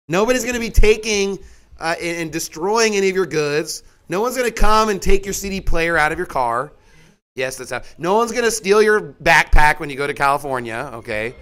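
A middle-aged man preaching a sermon in a folksy, animated way, with mocking asides and a conversational tone. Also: high-pitched.

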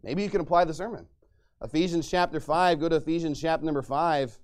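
Speaking quickly in a high-pitched voice, a pastor gives a fiery sermon from his own pulpit. He turns combative, breaking into angry mockery and sometimes shouting.

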